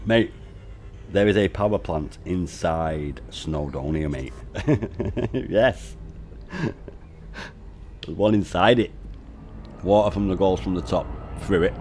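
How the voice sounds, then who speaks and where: Male streamer, deep, matey and relaxed, swears casually. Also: a little hiss or hum. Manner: laid-back, sweary and matey, saying "mate" often. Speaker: game streamer. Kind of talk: casual live-stream chat.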